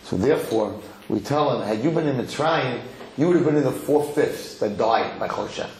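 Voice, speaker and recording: Animated rabbi in an echoey hall. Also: male voice, mid-range voice, normal speed. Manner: animated, acts out quotes, repeats words. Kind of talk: Torah lecture. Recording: echoey hall with faint noise.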